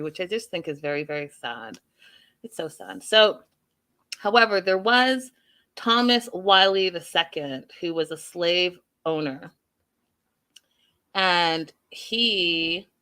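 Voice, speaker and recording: Woman host, casual recap chat, bright tone, talks straight to her audience. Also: fairly low pitch. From Canada. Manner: chatty, addresses viewers directly.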